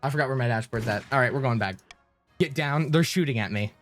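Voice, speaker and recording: A flustered male streamer talks through his stream settings, rambling and thanking viewers as he goes. His voice sits at an ordinary middle pitch, and faint music plays behind him. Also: fast talker. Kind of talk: live-stream chatter.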